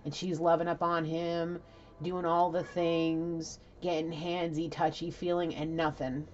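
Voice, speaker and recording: A woman with a low voice talks through a spiritual reading in a loose, chatty manner, piling on fillers and asides. She narrates what she sees like a story. The recording is a bit dull, with a faint hiss. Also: little pitch movement, unhurried. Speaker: tarot reader.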